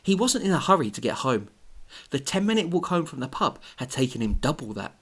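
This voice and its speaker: A man hosting a podcast, reading a story aloud with giggly, animated asides. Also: medium pitch, fairly quick, breathy edge. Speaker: podcast host and story reader.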